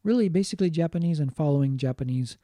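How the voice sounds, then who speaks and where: A man lecturing on linguistics in a mellow, fairly high voice, recorded dry and close. He explains patiently, repeating key points and slipping in short Japanese glosses. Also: quick pace, no echo. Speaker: linguistics teacher. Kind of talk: online lecture.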